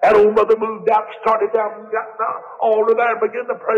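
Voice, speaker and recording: An evangelist preaches in a high, ringing voice, telling stories and rising into fervent shouts. The old recording sounds dull and muffled, and a long hall reverb trails after his words. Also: completely flat delivery, fairly quick. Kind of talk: revival sermon storytelling.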